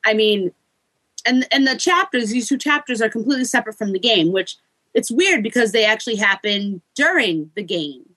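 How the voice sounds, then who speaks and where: A woman co-hosting a casual game podcast, retelling scenes in a chatty way and slipping into quick mock voices. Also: on the high side, animated, pushed and bright, no echo, poor audio. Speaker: podcast co-host reviewing a game. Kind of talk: casual chat.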